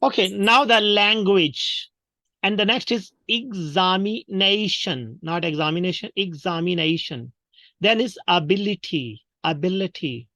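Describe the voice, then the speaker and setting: A man with a Pakistani English accent teaches word pronunciation to a group over a video call. He speaks very slowly and deliberately, saying each word and having the class repeat it. The sound is dry and close. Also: high voice, sharp tone, no room sound. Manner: slow, drilling words and having the class repeat. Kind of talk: online pronunciation workshop.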